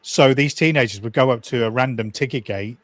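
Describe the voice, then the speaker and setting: A man who works as railway station staff, talking on a casual panel chat and explaining things as he trails off softly. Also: mid-range voice, brisk. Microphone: video call panel.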